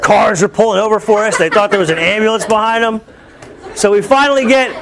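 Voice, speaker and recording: A male teacher telling a lively personal story to his students, breaking into shouts and laughter. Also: high voice, brisk, noisy background. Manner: animated, bursts into shouts and laughs while telling. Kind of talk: storytelling to a class.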